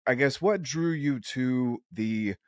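A man's voice: mid-range voice, slow pace, no room sound, studio quality. A man hosting an outdoors podcast, talking earnestly in a rambling way with many restarts. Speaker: podcast host. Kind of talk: casual interview chat.

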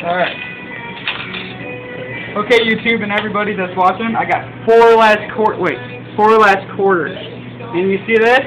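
A young man vlogging while playing an arcade coin game, excitable and quick to frustrated shouting and swearing. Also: high-pitched, low-quality recording. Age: teens or young adult. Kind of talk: casual vlog commentary while playing. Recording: loud background music in an arcade.

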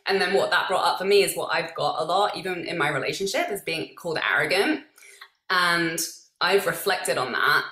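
A woman's voice: on the low side, moderate pace, pushed and bright. A woman hosting a podcast, thinking aloud reflectively in casual conversation. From United Kingdom. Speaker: podcast host. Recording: echoey room.

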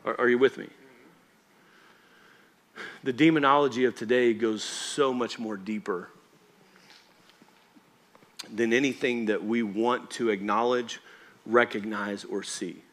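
Pastor preaching in a conversational style. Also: male voice, mid-range voice, steady tone, unhurried, pauses often, fairly bright tone. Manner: conversational and emphatic, often asks the congregation if they follow. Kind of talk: sermon. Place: church.

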